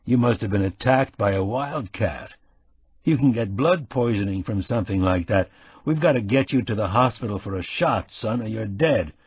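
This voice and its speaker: A man voicing a shrewd, avuncular middle-aged man who speaks steady and probing, in an audiobook. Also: fairly low pitch, normal speed, slightly rough, no room sound. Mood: stern concern.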